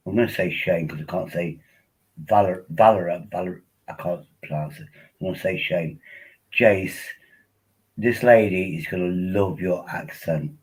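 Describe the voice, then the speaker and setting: A man's voice: sits low, husky, poor audio. A tipsy man rambling casually as he hosts a live stream, coaxing viewers to join him on air. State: tipsy from drinking. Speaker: livestream host.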